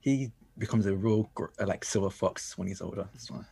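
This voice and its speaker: A man's voice: on the low side, moderate pace, gravelly, dark tone, slightly rough, dry recording. A man playing a tabletop game in a casual, playful way. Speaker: player.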